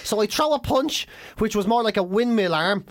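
An Irish man, a comedian, telling a story in casual podcast chat, animated and swearing, often laughing as he talks. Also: sits high, moderate pace, dry recording. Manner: animated, laughing, heavy swearing, acts out shouts.

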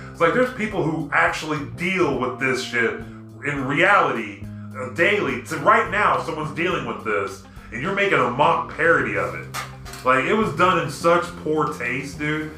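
A man hosting a casual podcast, telling stories in an animated, profane way and breaking into rants. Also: on the high side, normal speed. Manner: animated, profane storytelling and ranting. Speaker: podcast host. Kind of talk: casual chat. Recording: echoey room with music underneath.

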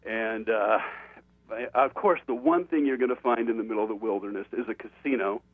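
A man, an author and guest, telling a casual anecdote in an animated, conversational way. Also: fairly low pitch, fairly quick, dry recording. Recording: dry tinny phone line.

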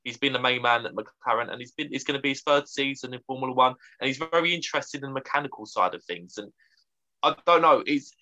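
Excitable male podcast co-host, bright tense voice, dull lo-fi mic. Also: medium pitch, fast talker. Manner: enthusiastic, excitable. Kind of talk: casual podcast chat.

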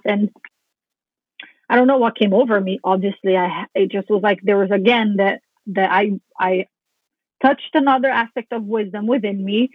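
A woman telling a personal story in a casual podcast chat, lively, swearing freely and acting out her own past thoughts. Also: medium pitch, normal speed, no echo. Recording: phone-like narrow band, dry.

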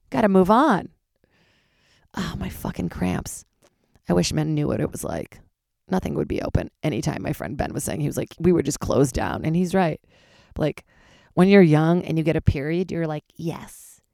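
A woman in her thirties, a comedian, chatting alone from her closet, candid and swearing, sounding tired and jumping into high squeaky voices for her own reactions. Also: creaky, a little mellow, no room sound, studio quality. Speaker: comedian podcast host. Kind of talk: casual solo chat.

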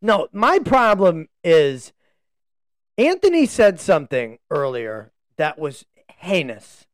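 This podcast co-host works from a home laundry room, teasing guests, laughing a lot, and leaning in close to a table mic. He speaks slowly in a sing-song, somewhat high voice, and the audio has no echo.

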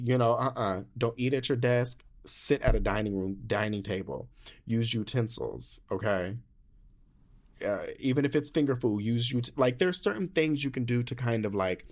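Young man, podcast host, sassy, animated, slangy, casual monologue, mid-pitched voice.

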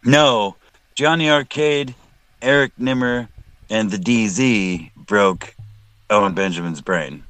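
Man from south texas, podcast guest, lowish voice, chatty, joking. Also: slow pace, fairly bright tone, clear, resonant tone, poor audio. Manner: chatty and joking, with restarts and laughs. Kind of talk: casual call-in chat.

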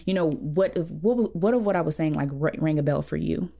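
A woman with a low voice co-hosts a conversational podcast. She talks in a measured, reflective way and guides the talk with open, searching questions. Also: gravelly, dark tone. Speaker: podcast co-host, therapist.

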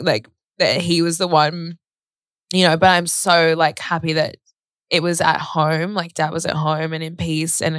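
A woman's voice: fairly low pitch, a bit bright, no room sound, studio quality. A woman with an Australian accent telling an emotional personal story in a chatty way, full of "like" and acted-out quotes. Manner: chatty, fillers of "like", acts out quoted speech.

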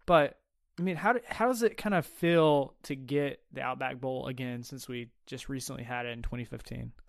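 A man hosting a casual sports podcast, chatty and halting, with many restarts and fillers. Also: medium pitch, gravelly, no room sound, clean studio sound. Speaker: podcast host.

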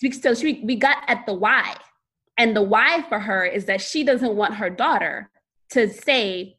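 A woman's voice: mid-range voice, measured pace, sharp tone, breathy edge. A woman guesting on a podcast as a financial coach, telling stories animatedly and repeating words for emphasis. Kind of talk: casual podcast interview.

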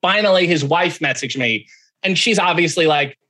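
A man guesting on a podcast tells a story in casual chat, animatedly acting out the voices of the people in it. His voice is on the high side, at a moderate pace.

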